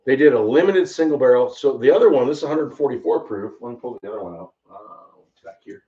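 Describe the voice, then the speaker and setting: Excitable man, slightly distant mic. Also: medium pitch, quick pace, highs cut off. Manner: excitable, exclaiming, rambling. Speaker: bourbon tasting host. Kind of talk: casual livestream tasting chat.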